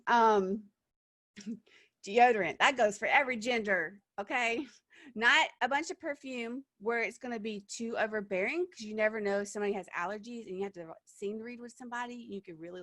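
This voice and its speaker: A woman theatre director talks through audition tips in an informal online workshop, encouraging and full of fillers. Her voice sits mid-pitch and is picked up dry and close on a video call. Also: fairly bright tone, dry recording. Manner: chatty and encouraging, frequent fillers and laughs.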